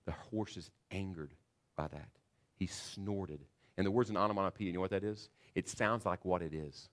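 A man preaching a sermon in a church, earnest and building to loud, emphatic passages. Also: low-pitched, normal speed. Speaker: pastor.

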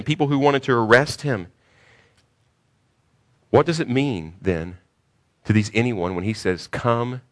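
A man preaching a sermon, swinging from hushed, slow phrases to loud cries, sometimes repeating words as he searches for the next one. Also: mid-range voice. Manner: emphatic, repeats words while searching for them. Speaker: pastor.

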